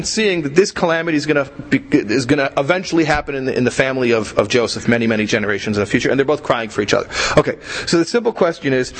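A man's voice: mid-range voice, a bit bright, poor audio. Man, Torah teacher, class lecture, conversational, rhetorical questions. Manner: conversational, repeats himself, asks rhetorical questions.

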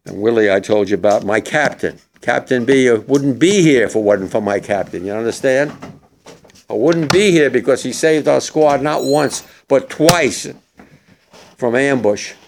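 An older war veteran giving an emotional, halting memorial speech to young people in a hall. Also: male voice, mid-range voice, vocal fry, a little hiss or hum.

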